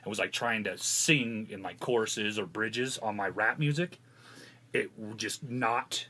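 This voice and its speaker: Bright-voiced rambling storyteller man. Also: lowish voice, unhurried. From Wyoming. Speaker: guest musician. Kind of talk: casual podcast chat.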